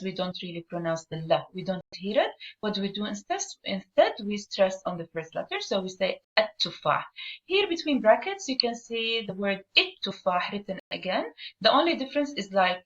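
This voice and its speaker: A woman's voice: mid-range voice, a bit bright. A woman, an Arabic teacher explaining a lesson step by step and asking her learners questions. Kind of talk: online language lesson. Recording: dull lo-fi recording.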